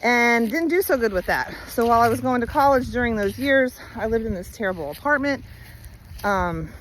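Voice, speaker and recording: A woman's voice: a little high, lively intonation, moderate pace, a little hiss or hum, low-quality recording. A woman vlogger telling her life story in a candid, chatty way with many fillers and easy laughs, outdoors while walking her dog. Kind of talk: casual personal storytelling.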